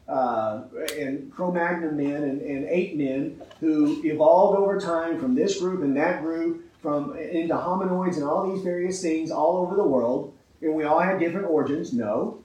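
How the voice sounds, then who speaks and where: A man's voice: fairly high pitch, a little mellow, roomy sound, distant mic, rough recording. A man preaching a sermon with emphasis, often asking his listeners rhetorical questions and checking in with "right?".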